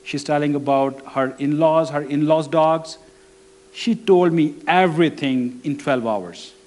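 Man, preacher, sermon, personal story, fairly high voice, halting, conversational. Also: darkish tone. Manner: conversational, halting with restarts and non-native grammar.

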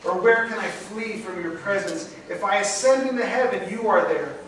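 A middle-aged man preaches with raw emotion, his voice pitched high and rising in swells of volume. He is heard from a distance across a hall that echoes heavily. A faint noise hangs underneath. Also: normal speed, a bit bright. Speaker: pastor. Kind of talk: sermon.

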